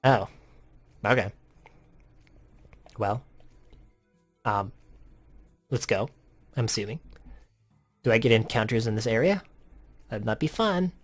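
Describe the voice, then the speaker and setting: Man narrating a game playthrough, casual, quiet muttered asides. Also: medium pitch, takes it slowly, pauses often, soft background music. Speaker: let's play host. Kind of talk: game commentary.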